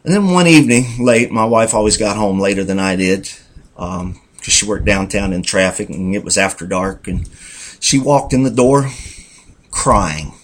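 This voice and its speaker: A man's voice: lowish voice, normal speed, a little hiss or hum. A man giving an earnest, rambling personal testimony in a folksy storytelling manner. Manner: folksy, rambling, talks to himself as "Self"; earnest, reflective. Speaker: church member giving a testimony.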